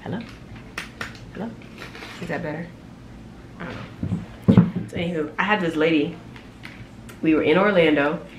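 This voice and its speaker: A young adult woman and flight attendant, telling a story in a casual, animated, sassy vlog from a room at home, recorded on a camera mic. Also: low voice, moderate pace, long pauses, very noisy. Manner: animated, sassy, loud laughs, exclaiming.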